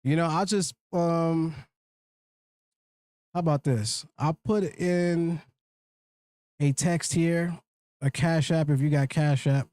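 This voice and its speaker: A man's voice: on the high side, steady tone, takes it slowly, pauses often, darkish tone, dry recording, clean studio sound. Profane, heated livestream host, man. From Minnesota. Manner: heated, profane, rambling with filler words. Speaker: live stream host. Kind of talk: unscripted livestream rant.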